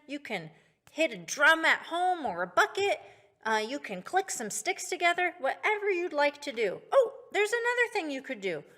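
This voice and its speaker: A woman teaching a children's music lesson in a patient, sing-song, encouraging manner. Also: high-pitched. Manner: patient, slow, sing-song, bright and encouraging toward kids.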